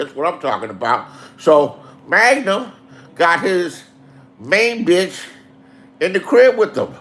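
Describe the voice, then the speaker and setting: A man's voice: sits high, very animated, takes it slowly, a bit bright. A man casually telling rambling, profane stories and acting out the people in them. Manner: crude, laughing, rambling, acts out quotes.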